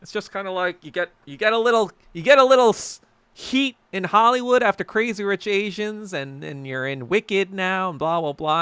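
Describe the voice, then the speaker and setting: A man's voice: high-pitched, a bit bright, clear, resonant tone, dry recording. A man hosting a casual podcast chat, rambling and sarcastic, swearing often as he reads and answers viewer comments. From New York. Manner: rambling, profane, sarcastic ranting. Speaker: podcast host.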